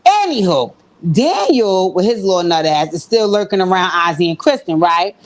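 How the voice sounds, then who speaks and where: A woman recapping a TV episode in a casual, animated way, full of profane slang. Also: lowish voice, normal speed. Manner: acts out quoted lines in shifting voices.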